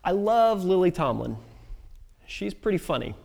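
A woman preacher gives a personal testimony with a lively, swooping pitch and sudden drops to near-whispers. Her voice rings out with a long reverb, as if recorded in a large hall. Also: gravelly. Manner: expressive storytelling with pauses and sudden soft drops.

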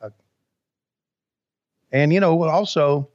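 A man's voice: on the high side, takes it slowly, a little mellow, no room sound. A man co-hosting a casual podcast, laid-back and rambling, calling people buddy. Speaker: podcast co-host. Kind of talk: casual chat. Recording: dull dry sound.

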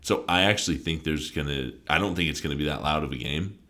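A man's voice: a bass voice, pushed and bright. A man co-hosting casual sports chat, joking as he makes his picks. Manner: joking, quick, playful. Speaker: co-host of a sports podcast.

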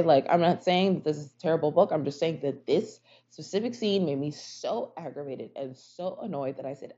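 A low-voiced woman rambles through a casual book review, leaning on "like" as she goes. Her voice is dark and husky. The recording is slightly muffled and lo-fi. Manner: rambling, heavy use of "like" fillers.

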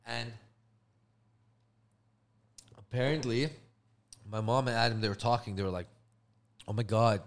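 A young man co-hosting a casual podcast chat, telling family stories with lively energy and acting out everyone's voices. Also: medium pitch, unhurried, gravelly, long pauses. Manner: animated storyteller, acts out family members' voices. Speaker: podcast co-host.

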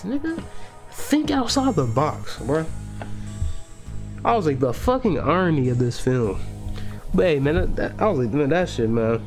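A young adult man hosting a podcast, giving a loose, profane, slangy and excitable film breakdown in a casual monologue. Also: medium pitch. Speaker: podcast host.

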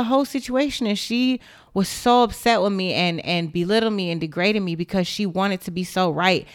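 A woman's voice: medium pitch, moderate pace, clear, resonant tone, dry recording, clean studio sound. A young woman giving an impassioned, indignant monologue straight to the camera, blunt and emphatic, with swearing.

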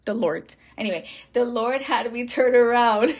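A woman's voice: a little high, measured pace, breathy edge. Chatty woman sharing a faith story. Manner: chatty, laughing, many fillers and restarts. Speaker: podcast host. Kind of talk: casual faith testimony.

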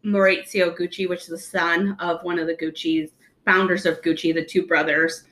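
A woman's voice: on the low side, level tone, normal speed, fairly bright tone, rough recording. A woman co-hosting a podcast in casual chat, talking at length and laughing often. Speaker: podcast co-host.

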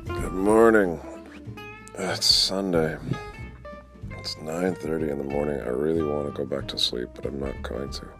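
A man's voice: extremely low pitch, unhurried, long pauses, fairly bright tone, faint music behind. A young man hosting a casual morning podcast, rambling and wry, swearing freely. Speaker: podcast host.

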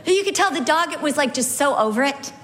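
Middle-aged woman, sermon teacher, expressive storyteller, slightly high voice, faint background hiss. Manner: animated storyteller, slows for emphasis. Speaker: Bible teacher.

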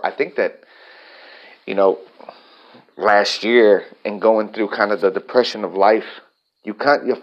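A man's voice: on the low side, highs cut off. A man vlogging a personal, reflective monologue, talking candidly and rambling with frequent restarts.

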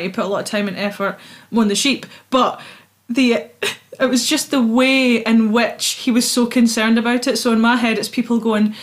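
A woman in casual chat, giggly and playful. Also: fairly high pitch.

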